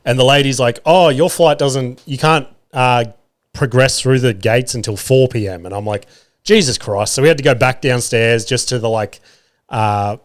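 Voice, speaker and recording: An Australian man in his thirties, a podcast host telling casual, animated family stories with swearing and laughter. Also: medium pitch, normal speed. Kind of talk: casual storytelling.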